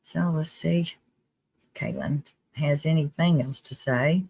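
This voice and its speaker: A live-stream host giving casual commentary in a chatty, earnest way, with restarts and quick laughs. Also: medium pitch, vocal fry, darkish tone, slightly rough, no room sound. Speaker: livestream host.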